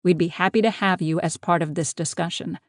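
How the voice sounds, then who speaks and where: A woman's voice: lowish voice, fairly even intonation, brisk, dry recording, clean studio sound, close to an everyday voice. A woman voicing a stern, commanding male pack leader who speaks stiffly and in clipped phrases.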